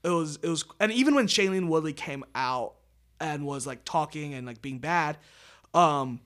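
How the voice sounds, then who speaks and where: A man co-hosting a podcast in casual chat about films, talking in halting restarts and gushing about acting. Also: on the high side, animated, a bit bright. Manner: halting, restarts often, gushes about performances. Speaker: podcast co-host. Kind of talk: casual film discussion.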